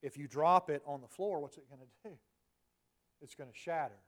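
Male pastor, forties, sermon, slightly higher pitch, talks plainly to the congregation, quiet emphatic asides. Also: normal speed. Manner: conversational preaching, drops to soft emphatic asides.

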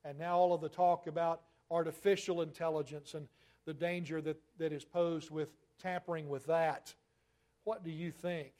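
A man preaching a sermon, asking rhetorical questions and slowing down to stress key phrases. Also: on the high side, a little mellow.

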